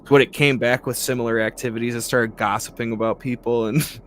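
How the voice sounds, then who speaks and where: Man, podcast host, reads aloud, cuts in with swearing and laughs, average pitch, faint hiss behind. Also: steady tone, fast talker, a bit bright. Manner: profane, laughing asides. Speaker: podcast host reading a ghost story. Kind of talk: casual chat, reading aloud with asides.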